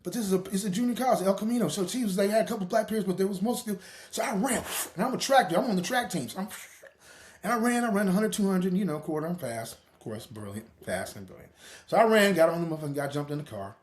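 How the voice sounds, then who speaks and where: A man's voice: high-pitched, expressive, fast. A man telling a personal story as a podcast host, profane and dramatic. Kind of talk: casual storytelling monologue.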